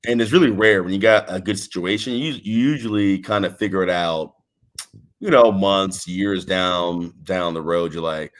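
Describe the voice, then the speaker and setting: A man from Texas, a wrestler as interview guest, talking in a laid-back, rambling way with restarts and laughs. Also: sits low. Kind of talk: casual interview chat.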